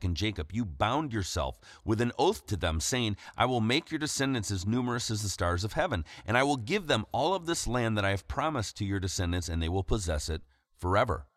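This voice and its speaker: A man's voice: on the low side, a bit bright, no echo, clean studio sound. A man reading aloud the words of an earnest older male leader who pleads and commands.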